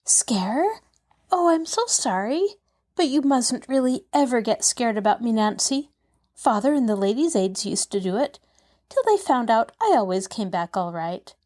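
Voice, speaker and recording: A woman voicing a cheerful, eager little girl who talks in a bright, earnest way. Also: fairly high pitch, sing-song, measured pace, pitched above the performer's own voice.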